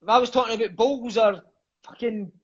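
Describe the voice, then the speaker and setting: Scottish man, 30s, raised-pitch chatty storyteller, swears a lot, lo-fi dull audio. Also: fairly even intonation, a little hiss or hum. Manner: swears freely, fills lines with "mate" and "aye", quick enthusiastic storyteller. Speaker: podcast guest. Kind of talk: casual storytelling chat.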